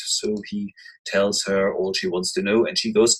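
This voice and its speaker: A man telling the story of a play in a lively, animated narration, as if teaching a lesson. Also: fairly low pitch, moderate pace, slightly rough, low-quality recording. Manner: lively and expressive.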